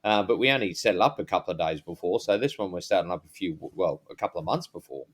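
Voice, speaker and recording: A man co-hosting a casual podcast, rambling a little as he introduces the next topics. His voice sits fairly low. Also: expressive, quick pace. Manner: rambling, full of fillers and restarts. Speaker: podcast co-host. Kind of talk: casual chat.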